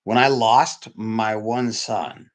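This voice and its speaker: A middle-aged man preaching a sermon in a church hall, blunt and emphatic, with sudden loud high bursts. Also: takes it slowly. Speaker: pastor. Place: church hall with doors opening.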